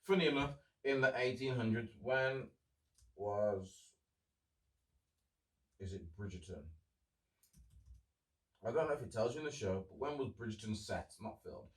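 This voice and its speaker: A man's voice: mid-range voice, measured pace, long pauses, distant mic. Solo podcast host, young man, chatty and loose with swears, sits back from the mic in a roomy space. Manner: rambling, chatty, swears freely. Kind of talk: casual solo podcast chat.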